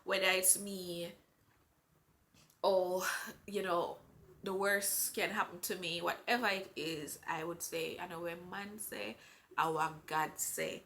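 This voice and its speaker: A woman's voice: fairly low pitch, steady tone, a bit bright. A pregnant woman with a Jamaican accent, talking earnestly and with strong faith in a personal vlog. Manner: earnest, faith-filled, unhurried. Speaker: vlogger. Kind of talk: heartfelt personal vlog talk.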